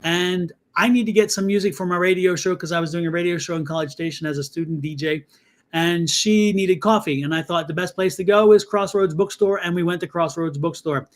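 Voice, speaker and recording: A man co-hosting a live tarot stream, telling a personal story in a casual, conversational way. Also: high voice. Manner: storytelling, conversational, quick asides. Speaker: tarot reader co-host.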